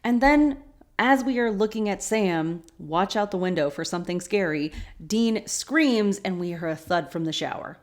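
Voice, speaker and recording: A woman's voice: medium pitch, expressive, normal speed. A woman hosting a rewatch podcast, casually retelling an episode's scenes and adding her own opinions.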